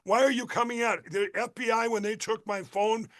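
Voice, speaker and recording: High-voiced, rambling Minnesota man. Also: steady tone, moderate pace, fairly bright tone. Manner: rambling, emphatic, many restarts. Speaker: political candidate guest. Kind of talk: radio interview.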